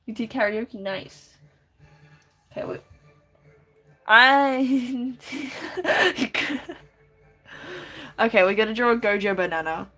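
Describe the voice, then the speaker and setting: A woman's voice: a little high, animated, takes it slowly, long pauses, sharp tone, faint music behind. A woman casually chatting on a live stream while she draws, giggling often and answering viewers with lots of restarts. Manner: giggly, chatty, reads chat aloud and answers with many restarts.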